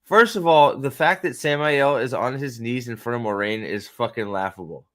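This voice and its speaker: A man's voice: medium pitch, moderate pace, fairly bright tone. A man hosting a casual reaction commentary, rambling, profane and sarcastic, with frequent restarts. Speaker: host.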